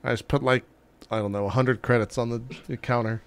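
A man's voice: medium pitch, fairly even intonation, a little fast, clean tone. A man playing in a tabletop game, brash and playful, swearing freely. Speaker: player. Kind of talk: tabletop role-play, casual.

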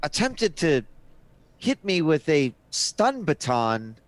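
Male player, very slow, higher voice, dry. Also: sing-song, no echo. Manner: slow, deliberate, formal. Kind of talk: tabletop role-play.

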